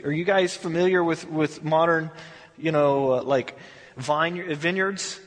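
A man's voice: on the high side, steady tone, measured pace. A man teaching a verse-by-verse Bible study in a casual, storytelling way, acting out bits of dialogue. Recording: echoey hall.

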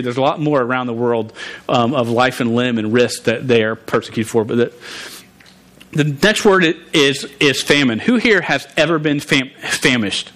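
A man's voice: mid-range voice, a bit bright. A man preaching a conversational sermon, often stumbling and restarting words and asking the congregation questions. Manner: halting, frequent stumbles and restarts, asks the audience questions.

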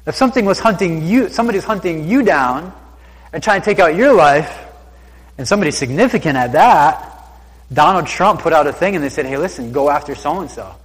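Animated and a little fast, this higher-pitched man reads Bible verses one at a time. After each one he retells it in slangy, everyday words, and the audio has a hall-like reverb.

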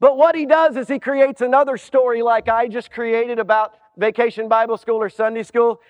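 A man's voice: very high-pitched, level tone, moderate pace. A male pastor preaching a sermon with humorous storytelling and wry asides. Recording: dull sound in a reverberant hall.

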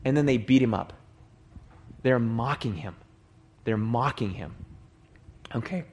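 A man's voice: medium pitch, unhurried, darkish tone, husky. A man leading a Bible study, walking through a passage and explaining it, restating and repeating points for emphasis. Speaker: Bible teacher.

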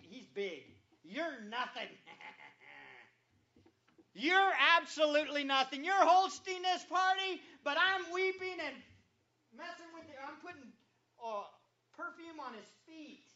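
A man's voice: extremely high pitch, expressive, slow, pushed and bright, exaggerated voice. A preacher acting out a weeping woman who taunts her proud host, on a dull lo-fi recording. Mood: taunting. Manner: defiant, taunting.

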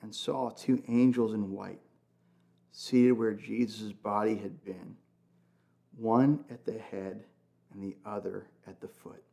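A man's voice: fairly low pitch, fairly even intonation, slow pace, vocal fry, mellow. A male pastor preaching in a conversational, emphatic way, full of casual asides. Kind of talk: sermon.

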